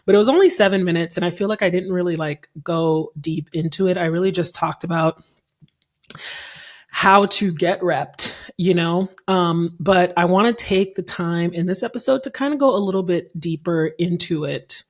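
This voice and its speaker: A woman's voice: fairly low pitch, normal speed. A woman in her thirties hosting a solo podcast, giving candid career advice in a chatty way with frequent fillers and restarts, recording while traveling. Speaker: podcast host and TV writer.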